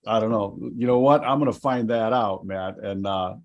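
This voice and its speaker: A man's voice: lowish voice, normal speed, lo-fi sound. A man hosting a casual markets talk show, loose and rambling, laughing easily. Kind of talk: casual chat.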